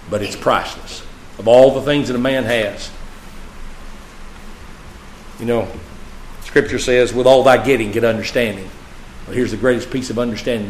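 A man's voice: slight background noise, low-quality recording. Preacher man, rising and falling. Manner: preaching, swinging from loud emphatic peaks to low hushed phrases. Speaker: pastor. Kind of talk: sermon.

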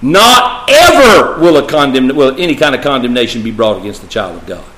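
A man's voice: medium pitch, very animated, a little fast, a bit bright. A man preaching a sermon, emphatic and repetitive, speaking straight to the congregation. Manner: emphatic, repeats key phrases, addresses the congregation directly. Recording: echoey room sound.

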